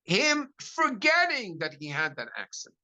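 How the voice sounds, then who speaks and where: A middle-aged man, a rabbi, giving a lecture to a class in an animated storytelling way, with frequent restarts. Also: sits high, normal speed, poor audio.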